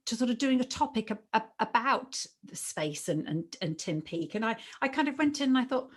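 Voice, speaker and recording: A British woman in her late forties, once a teacher and now a podcast host, tells stories during a podcast interview with earnest emotion, repeating herself for emphasis. Her voice is fairly high and husky, with lively intonation and a fairly quick pace.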